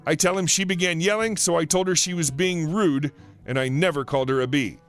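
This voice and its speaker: Higher-voiced man reading stories aloud. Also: a little fast, fairly bright tone, soft background music. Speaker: narrator.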